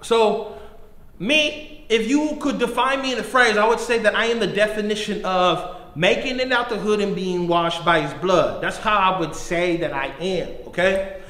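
A man in his thirties, a middle school pastor, giving a casual youth sermon in slangy, animated storytelling style. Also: high-pitched, moderate pace. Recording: echoey room with long reverb.

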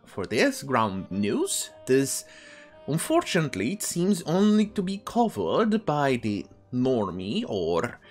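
A man reads out news stories on his own commentary channel and keeps cutting in with crude, contemptuous remarks. His pitch swings widely from line to line in a lively rant. Faint music plays underneath. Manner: profane, scornful asides while reading news aloud.

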